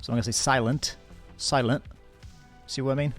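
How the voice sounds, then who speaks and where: A man's voice: medium pitch, steady tone, racing, darkish tone, faint music behind. A man streaming a game in casual commentary, chatting and laughing in a put-on British accent, swearing when things go wrong.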